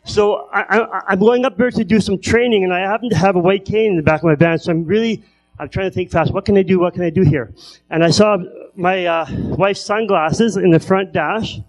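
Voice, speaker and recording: A man doing stand-up comedy who stutters, telling stories with repeated word starts and long pauses. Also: high voice, rough recording. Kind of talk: stand-up storytelling.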